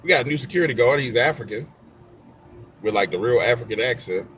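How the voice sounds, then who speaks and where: A man chatting casually to his stream in loose slang, trash-talking and telling stories. His voice sits at a middling pitch. A faint hum runs behind him. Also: animated, fast, a bit bright. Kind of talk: casual live-stream chat.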